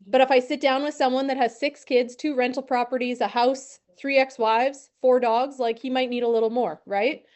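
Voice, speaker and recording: Woman in her 30s coaching new agents, bit high voice, animated storytelling. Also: moderate pace, hardly any pauses. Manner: lively anecdotal storytelling with acted quotes and laughs. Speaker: insurance and financial advisor training new agents. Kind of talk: storytelling talk to a team.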